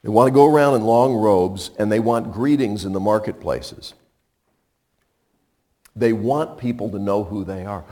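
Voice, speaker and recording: A man's voice: lowish voice, expressive, unhurried, a little mellow. An older man preaching a radio sermon, emphatic and playful, firing off rhetorical questions. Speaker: pastor.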